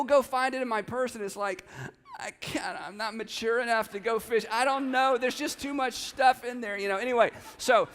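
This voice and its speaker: A middle-aged man preaching a sermon as pastor, telling a story in an animated way and acting out quoted lines. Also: in a large hall. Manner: animated storytelling, acts out quotes with rising pitch. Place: church sanctuary.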